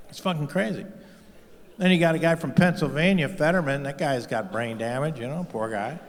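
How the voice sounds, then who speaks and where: This middle-aged comic's delivery is fairly quick, with lively intonation and a fairly high pitch. He works through a crude, profane stand-up routine in front of a live crowd at a big comedy venue, mocking and punching up each line, captured in a live stage mix with hall reverb and slight background noise.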